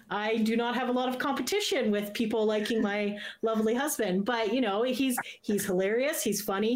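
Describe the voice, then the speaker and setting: A woman from Canada in her thirties, telling lively fan stories in a casual chat and laughing often. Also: fairly high pitch. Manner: animated storyteller, laughs often. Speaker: guest fan.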